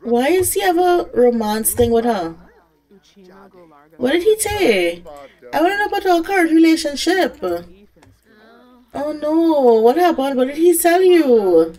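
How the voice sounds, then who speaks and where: A young woman talks over her life-sim gameplay in a casual, excitable way, scolding the characters and laughing often. Her voice sits a little high and swoops all over the place. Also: measured pace, long pauses. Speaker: gaming content creator. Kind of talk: casual let's-play commentary.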